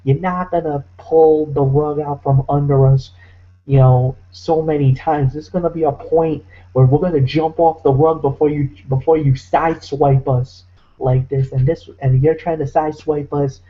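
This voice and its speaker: A man's voice: on the high side, steady tone, normal speed, lo-fi sound. A man co-hosting a wrestling podcast, ranting in a heated, exasperated way. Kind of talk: ranting commentary.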